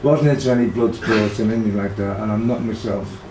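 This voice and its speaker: A man's voice: fairly low pitch, fairly even intonation, brisk, crowd noise. An older man with a Liverpool accent, casually reminiscing about his brother in an interview, rambling with many fillers and restarts. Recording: echoey room, faint background hiss.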